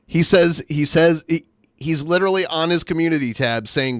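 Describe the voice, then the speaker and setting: A man's voice: a little high, normal speed, no echo, studio quality. A man co-hosting a podcast, chatting casually and rambling, often mimicking the people he talks about. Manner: animated, rambling, mocking imitations. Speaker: podcast co-host. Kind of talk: casual commentary chat.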